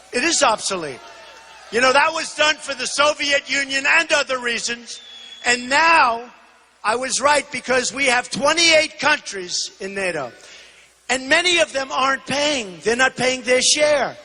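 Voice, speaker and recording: A man in his sixties giving an emphatic, repetitive campaign rally speech, often shouting. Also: extremely high pitch, in a large hall. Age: 60s. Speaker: political candidate. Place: large indoor arena.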